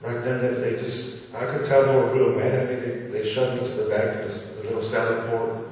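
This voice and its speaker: A man's voice: medium pitch, flat delivery, brisk, a little mellow, a little hiss or hum. Earnest man testifying in an echoing church. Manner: earnest, repetitive, emotional. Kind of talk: personal testimony to a congregation. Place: church sanctuary. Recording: echoey hall from far off.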